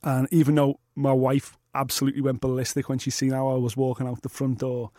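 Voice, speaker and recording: A man's voice: medium pitch, monotone, a little fast, dark tone, no echo, studio quality. A man co-hosting a podcast, talking in casual, sweary banter. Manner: sweary, matter-of-fact banter. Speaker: podcast co-host.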